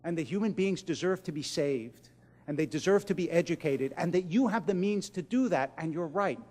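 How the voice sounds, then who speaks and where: A middle-aged man speaks to a large audience, with a fairly high voice that rises and falls in wide, lively swings. He tells stories with dramatic pauses and drops almost to a whisper on the most important lines. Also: in a large hall. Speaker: rabbi giving a keynote speech. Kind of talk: storytelling speech to an audience. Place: large event hall.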